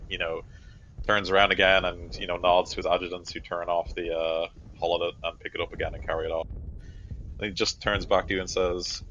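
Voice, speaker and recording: A man's voice: sits low, bright, forceful tone, lo-fi sound, slight background noise. A man narrating a tabletop game as game master, describing scenes loosely with lots of "sort of" and "you know".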